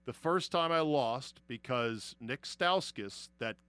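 A man hosting a casual sports chat who tells lively stories, swears freely and laughs often. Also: medium pitch, takes it slowly, clean tone, dry recording. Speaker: podcast host.

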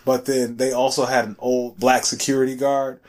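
A man's voice: mid-range voice, normal speed. A man in casual conversation, telling stories with lots of slang and profanity. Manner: profane, animated storytelling with slang. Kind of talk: casual chat.

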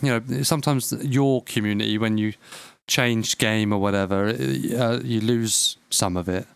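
A man's voice: fairly low pitch, moderate pace, creaky, clean tone, dry recording. A man co-hosting a podcast in casual, sweary banter, giggling and rambling as he talks. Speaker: podcast co-host.

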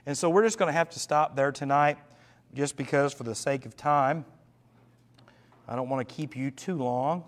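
Leading an evening Bible study as pastor, a man with a mid-range voice speaks earnestly. He slows down and lowers his voice for emphasis and puts questions to the group.

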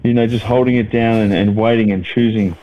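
A man's voice: fairly low pitch, fairly even intonation, brisk, lo-fi sound. A man co-hosting a podcast, rambling with lots of fillers and swearing as he ribs his mates. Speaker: podcast co-host. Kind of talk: casual banter.

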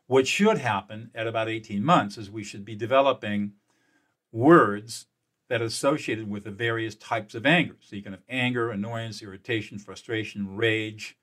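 A man who works as a mediator, explaining in an interview in an energetic, emphatic way, often restarting and repeating words. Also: on the low side, moderate pace. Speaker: mediator and peacemaker.

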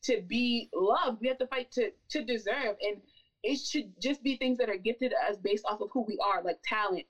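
Woman, emphatic podcast talk, slightly high voice, somewhat distant from mic. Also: normal speed, lo-fi sound. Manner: emphatic, building to forceful insistence. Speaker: podcast guest. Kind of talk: impassioned conversational talk.

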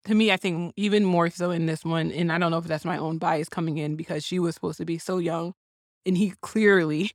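A woman talking casually about a film, thinking out loud with lots of restarts and hedging. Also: on the low side, steady tone, brisk, no room sound, clean studio sound. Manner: thoughtful, rambling, many restarts.

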